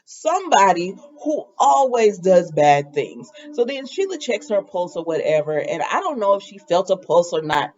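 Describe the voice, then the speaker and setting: Brief: woman recap host, lively swooping delivery, chatty, muffled lo-fi audio. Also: mid-range voice, normal speed, hardly any pauses. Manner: animated and chatty, with laughing asides. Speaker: soap opera recap host. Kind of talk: casual recap chat.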